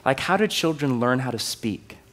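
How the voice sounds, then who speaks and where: A man's voice: medium pitch, expressive, normal speed, fairly bright tone. A man in his thirties preaching a sermon in a loose, joking style, often checking in with his listeners. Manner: conversational, joking, asks the crowd often. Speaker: pastor.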